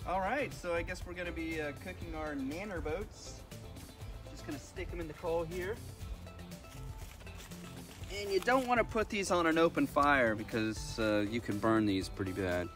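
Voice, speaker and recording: A man's voice: on the high side, normal speed, over music. Joking laid-back campground host man. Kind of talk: outdoor cooking demonstration. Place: outdoor campground by a fire pit.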